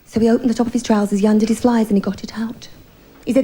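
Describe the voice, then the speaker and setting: A woman's voice: fairly high pitch, little pitch movement, racing, dark tone. A woman performing a bawdy, confiding stand-up routine, talking directly to the audience. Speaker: stand-up comedian.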